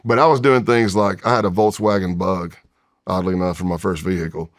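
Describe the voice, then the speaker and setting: A man's voice: sits low, fairly even intonation, a little fast. A man in his fifties from the United States, a podcast guest telling a long personal story in a candid, rambling way with frequent restarts. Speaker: podcast guest, retired federal agent. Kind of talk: casual storytelling in a long-form interview.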